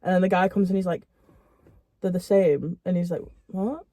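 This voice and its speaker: A woman's voice: on the low side, steady tone, a little fast, warm tone, no echo. A young woman chatting casually and laughing at herself while telling a story. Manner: laughs easily, self-mocking. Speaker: YouTuber co-host. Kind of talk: casual chat.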